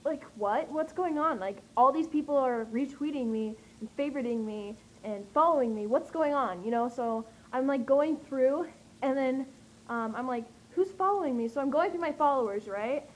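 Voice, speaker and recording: A young woman telling an excited vlog story, gushing and breathless, with lots of fillers. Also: high voice, normal speed, low-quality recording. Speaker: vlogger.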